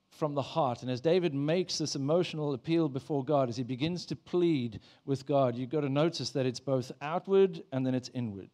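A man's voice: on the high side, darkish tone. A man, a pastor, preaching a sermon in a church in a conversational way, asking the congregation questions.

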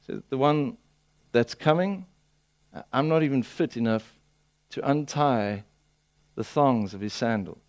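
A man's voice: medium pitch, unhurried, long pauses. Storytelling male preacher. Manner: storytelling, animated voicing of people. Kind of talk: sermon.

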